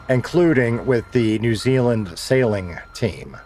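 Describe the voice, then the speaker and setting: A man's voice: mid-range voice, animated, slow pace, darkish tone, a little hiss or hum. Chatty man streaming. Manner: chatty, reads viewer comments aloud. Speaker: streamer host. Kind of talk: casual livestream chat.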